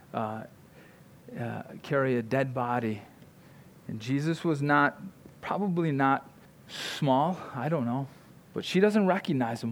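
Conversational male pastor, slightly high voice. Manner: conversational preaching, frequent "right?" asides. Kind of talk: sermon.

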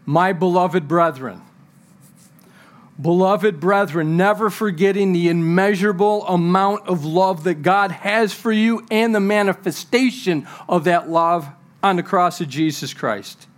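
A man's voice: high-pitched, unhurried. A pastor preaching a sermon to his church, quoting scripture and repeating key words for emphasis, with joking asides to the congregation.

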